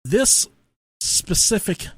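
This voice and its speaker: A man's voice: takes it slowly, no room sound. A man co-hosting a podcast, telling stories in a casual comedic way, swearing a lot and laughing often between lines. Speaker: podcast co-host.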